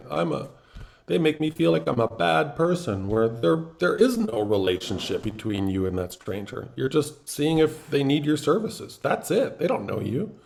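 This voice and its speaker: Gravelly man coaching with emphasis. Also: lowish voice, a little mellow. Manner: emphatic, acts out others' reactions. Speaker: coach and host. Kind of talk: coaching call.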